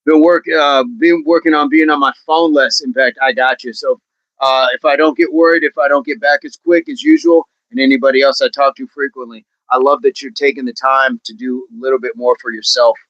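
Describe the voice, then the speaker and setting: A man's voice: mid-range voice, lively intonation, brisk, fairly bright tone, no room sound, highs cut off. A man hosting a casual fitness livestream, chatting with viewers in a rambling way and laughing often.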